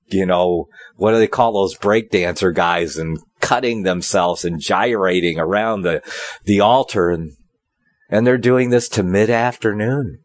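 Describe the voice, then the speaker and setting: Low-voiced man preaching emphatically. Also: dry recording, studio quality. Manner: emphatic, preachy, rising for stress. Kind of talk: sermon.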